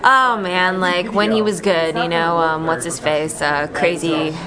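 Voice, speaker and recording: A woman guest in a casual interview, telling stories through laughter and fumbling quietly when she searches for words. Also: fairly low pitch, fairly even intonation, a little slow, a loud crowd, poor audio. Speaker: guest filmmaker. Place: busy festival.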